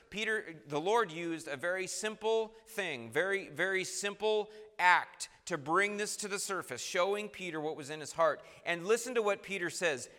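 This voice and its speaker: A man preaching a sermon, emphatic and building to forceful peaks. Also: sits high, animated, moderate pace, hardly any pauses, long reverb tail.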